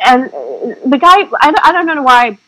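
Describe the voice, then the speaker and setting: A woman's voice: sits high, sing-song, normal speed, bright, forceful tone, rough recording. Woman director, casual interview, chatty and rambling with a frank, salty streak. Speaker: independent film director.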